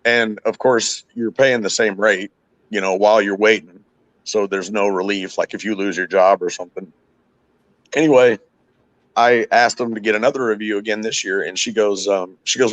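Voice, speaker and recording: A man's voice: fairly low pitch, steady tone, normal speed, no echo, muffled recording. A man chatting casually on a podcast, telling frustrated stories with plenty of swearing. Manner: profane, ranting, frustrated storytelling. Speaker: podcast host. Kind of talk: casual chat.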